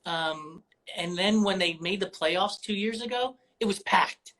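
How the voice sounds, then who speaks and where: A podcast host leading a casual interview, speaking passionately and growing animated on a favourite subject. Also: medium pitch, a little slow, low-quality recording. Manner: animated and passionate when excited.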